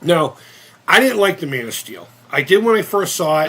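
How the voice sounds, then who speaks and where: A man's voice: fairly high pitch, big pitch swings, brisk, pushed and bright, faint music behind. A man of fifty hosting a casual live-stream chat, rambling and cursing with many restarts. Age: 50s. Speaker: channel host.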